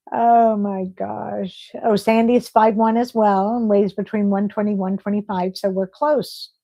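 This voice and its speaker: A woman's voice: medium pitch, steady tone, slow, gravelly, pauses often, dark tone, dry recording. A woman hosting a casual livestream, chatty and effusive as she reads viewer comments aloud. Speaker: livestream host.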